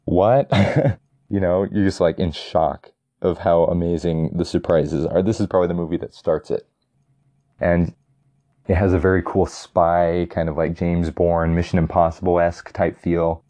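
Low, mellow-voiced young man rambling casually. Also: flat delivery, normal speed. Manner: rambling and enthusiastic, many fillers and restarts. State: getting tired. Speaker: vlogger ranking movies. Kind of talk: casual chat.

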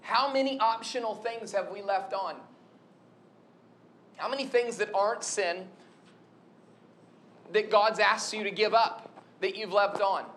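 A man's voice: high-pitched, a little slow, long pauses, slight background noise. A young adult man giving a conversational, storytelling sermon. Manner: conversational, storytelling, animated retelling. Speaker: preacher.

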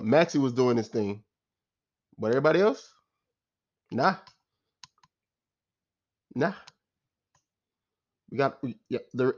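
A man's voice: mid-range voice, a little mellow, lo-fi sound. A man giving a casual, exasperated post-game rant as a sports fan, repeating himself and using slang.

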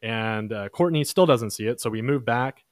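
Young guy casually telling a story on a podcast, mid pitch, dry close sound. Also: moderate pace, no room sound. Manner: relaxed, chatty, acts out quotes in a higher voice. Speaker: podcast host.

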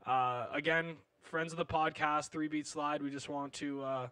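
A man's voice: fairly high pitch, flat delivery, moderate pace, bright, forceful tone, clear, resonant tone, no echo. A man co-hosting a podcast in casual chat, loose, joking and rambling. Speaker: podcast co-host.

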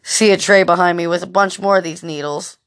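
In a lowish, steady voice and at a brisk pace, a woman runs a podcast monologue. She spins rambling, swear-laden stories cluttered with fillers.

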